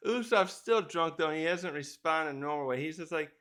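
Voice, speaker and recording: A man's voice: on the high side, normal speed, fairly bright tone. A man giving a casual, rambling chapter review, thinking aloud and correcting himself as he goes. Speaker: manga reviewer.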